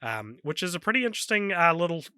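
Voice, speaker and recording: A man's voice: on the high side, very animated, quick pace, bright, forceful tone, clear, resonant tone, no echo, studio quality. A man co-hosting a podcast, chatting casually with a wry, joking manner and reading bits from his notes. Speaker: podcast co-host. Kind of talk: casual chat.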